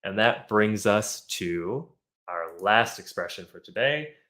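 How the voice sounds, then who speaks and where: Patient, low-voiced man teaching English. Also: lively intonation, slow pace, bright, forceful tone. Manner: patient, explanatory, with frequent fillers. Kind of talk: live online English lesson.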